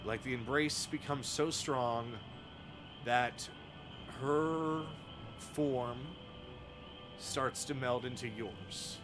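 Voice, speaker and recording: A man narrating a tabletop game as game master in a deliberate way. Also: mid-range voice, over music.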